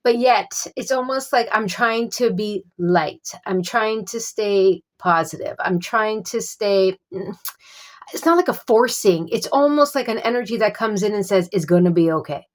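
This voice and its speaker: A woman giving a casual tarot reading. She gropes for words with many fillers and keeps offering calm reassurance. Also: fairly high pitch. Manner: reassuring, repeats soothing phrases. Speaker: tarot reader.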